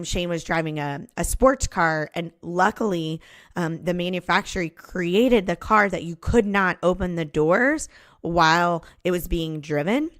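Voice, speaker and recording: A woman's voice: on the low side, dry recording, studio quality. Candid woman telling a personal story. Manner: candid, confessional, with restarts. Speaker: podcast host.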